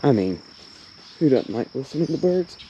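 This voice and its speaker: DIY vlogger, chatty and rambling, animated voice, outdoor noise behind him. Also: male voice, mid-range voice, normal speed, lo-fi sound. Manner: rambling and joking, given to side rants. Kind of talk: casual workshop chat. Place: outdoors at a backyard project.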